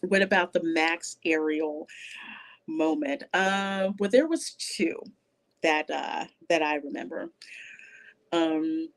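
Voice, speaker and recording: A woman's voice: low-pitched, animated, slow pace, pauses often. Chatty woman hosting a live review stream. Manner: rambling, with frequent fillers and restarts. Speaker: livestream host reviewing a movie. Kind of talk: casual live chat, reading viewer comments aloud.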